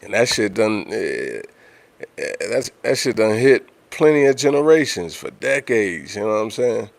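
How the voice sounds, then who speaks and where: Deep voiced guy, chatting loose on his livestream, dry sound, lots of you know what im sayin. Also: big pitch swings, normal speed, gravelly, no echo. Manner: conversational, repeats himself, frequent "you know what I'm saying". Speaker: livestream host. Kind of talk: casual livestream talk.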